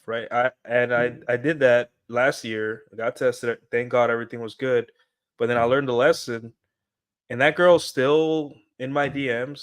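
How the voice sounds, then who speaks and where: A man's voice: medium pitch, fairly bright tone. Rambling young man streaming advice. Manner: rambling, addresses viewers as guys, many fillers. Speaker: streamer giving dating advice. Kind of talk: casual livestream monologue.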